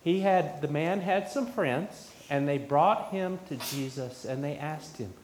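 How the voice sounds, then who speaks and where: In a church sanctuary, a pastor gives a children's sermon, asking the kids questions as he goes. His voice sits on the high side, a little slow, with a darkish tone. The church sounds echoey, with faint room noise.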